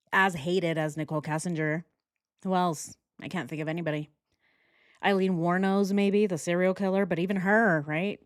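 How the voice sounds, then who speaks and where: A woman's voice: lowish voice, darkish tone, no echo. Chatty woman reacting to a video, dry sound. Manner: chatty, laughs often, reads out viewer comments. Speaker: host. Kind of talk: casual reaction stream chat.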